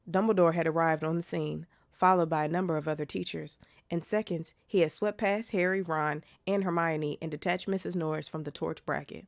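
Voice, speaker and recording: Low creaky-voiced woman reading aloud. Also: steady tone, brisk, few pauses, dry recording, clean studio sound. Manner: chatty and slangy. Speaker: podcast host. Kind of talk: casual book reaction and reading aloud.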